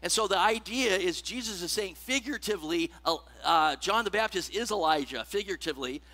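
Sitting high and expressive, this pastor's bright, forceful voice moves fairly quickly through a conversational sermon. He keeps checking in with the people listening and lifts his emphasis as he reads scripture.

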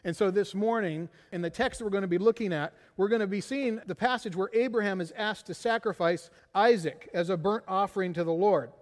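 A middle-aged pastor preaches from the pulpit in a high-pitched voice, telling a personal story with animated energy and ending many lines with "right?". He talks a little fast with few pauses, and his words echo through the long reverb of a church sanctuary.

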